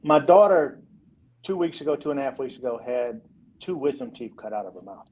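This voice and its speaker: A man's voice: medium pitch, lively intonation, fairly quick, a little mellow, lo-fi sound, a little hiss or hum. A man hosting a casual interview, speaking emphatically and repeating words for effect.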